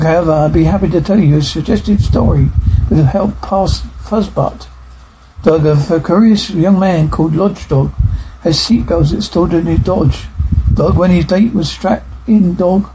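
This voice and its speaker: A man's voice: high voice, moderate pace, lightly acted. Man voicing a pompous lecturing dog. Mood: condescending. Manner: condescending, lecturing, formal wording. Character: pompous, sarcastic, educated male dog. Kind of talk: reading a film script aloud. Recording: noisy recording with clicks.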